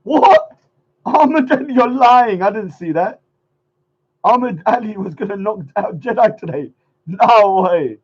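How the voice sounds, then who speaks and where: A livestream host rants mockingly and sarcastically in a high voice with lively intonation, a breathy edge, and normal speed, repeating phrases in a sing-song. The audio is dull, lo-fi stream sound.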